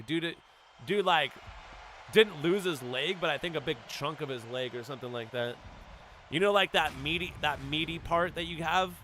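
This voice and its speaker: A man chats while he streams a game, rambling and laid-back. His voice sits a little high and comes across bright and forceful. A faint hiss runs under the desk mic. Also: moderate pace. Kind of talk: casual stream chat while gaming.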